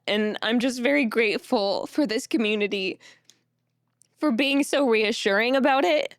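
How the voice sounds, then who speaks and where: A young woman streaming, chatting casually with her viewers in a soft, rambling way, tearful and full of self-doubt. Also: on the high side, moderate pace, no room sound, studio quality.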